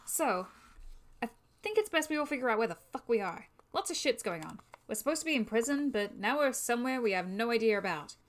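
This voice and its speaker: A woman's voice: a little high, sing-song, a little fast. A woman voicing a level-headed young male biker who talks firmly and matter-of-factly. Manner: firm and matter-of-fact. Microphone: new microphone.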